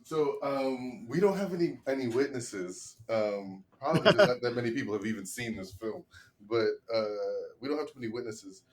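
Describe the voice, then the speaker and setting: A man, a comedian, arguing the defense in a comedy podcast mock trial, halting with many repeated starts. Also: mid-range voice, animated, slight background noise.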